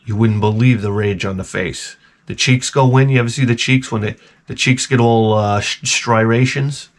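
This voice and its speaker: A man hosting his own video, telling a rambling, profane story in an animated, casual way. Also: mid-range voice, normal speed. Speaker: video host.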